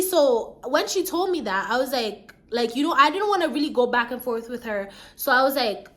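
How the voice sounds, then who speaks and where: A young woman vlogger telling a personal story, animated, acting out the voices of the people in it. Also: high voice, normal speed, few pauses. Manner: animated, acts out voices, lively swings. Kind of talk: storytime vlog.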